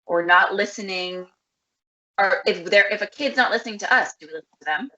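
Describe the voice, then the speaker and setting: Bright rambling woman chatting. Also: mid-range voice, a little fast, muffled recording. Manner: rambling, many "like" fillers. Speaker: podcast co-host. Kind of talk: casual chat.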